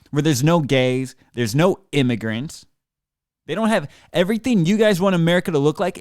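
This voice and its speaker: A man's voice: a little high, no echo. A man, a drummer, ranting to his viewers in a profane, sarcastic streamed monologue from a small studio room. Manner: heated, mocking, swears a lot. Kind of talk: profane sarcastic rant to camera. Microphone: computer mic while seated.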